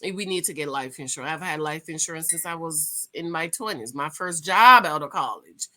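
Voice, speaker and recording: A middle-aged woman hosting her own channel, talking to viewers in an animated, storytelling way. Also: moderate pace. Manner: animated storyteller, big swings in pitch and loudness. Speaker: channel host. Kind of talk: casual vlog monologue.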